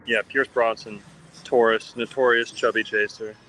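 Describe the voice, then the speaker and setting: Deadpan man outdoors with traffic behind. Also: mid-range voice, moderate pace. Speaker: guest. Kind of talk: casual livestream chat.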